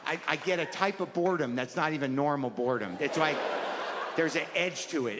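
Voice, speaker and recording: A middle-aged man doing a neurotic, rambling stand-up routine on a club stage, exasperated and prone to sudden shouted outbursts, with audience laughter behind him. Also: a little high, fast talker. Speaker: stand-up comedian. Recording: live club recording with long reverb and noise.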